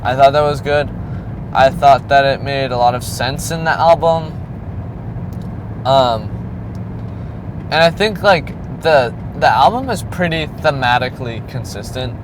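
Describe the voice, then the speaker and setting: A man's voice: mid-range voice, a little slow, long pauses. A young man casually reviewing an album, rambling, with many ums and likes, outdoors near a street. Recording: clear street and traffic noise.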